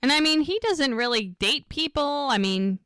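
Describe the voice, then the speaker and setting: A woman's voice: high-pitched, expressive, moderate pace, bright, forceful tone, clear, resonant tone, no echo, clean studio sound. A woman co-hosting a podcast, recapping a TV episode in detail in a casual way. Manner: retells scenes in detail, acting out quoted lines. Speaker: podcast co-host.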